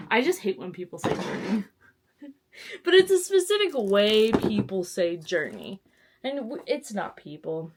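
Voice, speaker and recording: A woman's voice: mid-range voice, very animated, a little slow, a little hiss or hum. A young woman from Texas chatting casually to camera in a home vlog, self-mocking, with sudden squeals and whispered asides. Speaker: book vlogger.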